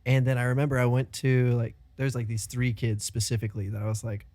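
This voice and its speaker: A man's voice: medium pitch, little pitch movement, quick pace, darkish tone. A young American man co-hosting a podcast, chatting casually in a laid-back, joking way and laughing easily. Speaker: podcast co-host. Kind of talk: casual chat.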